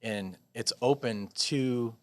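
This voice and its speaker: A man from Des Moines, Iowa, a podcast guest telling a long personal story in a rambling, animated way with frequent restarts. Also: medium pitch, slow pace. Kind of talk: casual storytelling interview.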